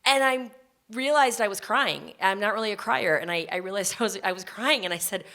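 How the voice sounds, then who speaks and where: A woman telling a personal story live on stage before an audience, conversational and earnest, with quick restarts. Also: mid-range voice, lively intonation, bright, forceful tone.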